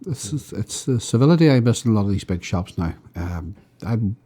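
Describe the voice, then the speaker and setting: A man with a Northern Irish accent chatting on local radio and telling lively anecdotes. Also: lowish voice, a little fast, husky. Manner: anecdotal storyteller, animated. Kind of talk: casual chat.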